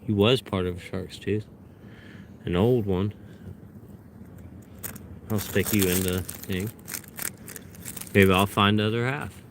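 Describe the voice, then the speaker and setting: A man's voice: lowish voice, steady tone, slow, long pauses, a little hiss or hum. A man vlogging outdoors on a hillside, talking to his viewers as he searches and bursting into glee over each find. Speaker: vlogger hunting fossils. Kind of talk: casual talk to camera while searching.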